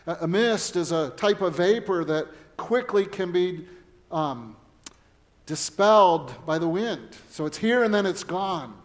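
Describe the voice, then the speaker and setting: A man's voice: high-pitched, lively intonation, a little slow. A middle-aged man, a pastor, preaching a sermon in an earnest way and weaving in personal stories.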